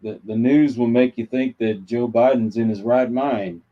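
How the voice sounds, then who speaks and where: A man's voice: mid-range voice, fairly even intonation, moderate pace, a crowd in the background. A male co-host in casual talk show banter who chimes in with short agreements and wry remarks. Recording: dull lo-fi audio with faint noise.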